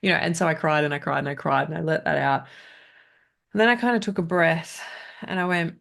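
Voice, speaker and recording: Woman in her 30s, trauma coach, chatty conversational delivery; low, gravelly register. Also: brisk, a bit bright. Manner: chatty, frequent "right?" and "like". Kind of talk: casual spoken masterclass.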